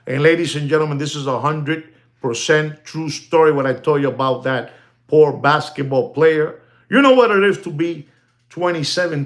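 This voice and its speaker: A middle-aged man giving casual, animated commentary on the watch market, peppering his talk with "you know" and the odd Spanish phrase. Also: fairly high pitch. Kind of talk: casual talking-to-camera commentary.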